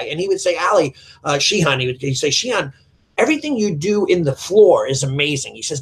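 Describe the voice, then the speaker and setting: Middle-aged man, slightly high voice, animated storyteller who acts out quoted dialogue. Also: husky. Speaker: martial arts school owner. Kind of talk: storytelling in a business chat.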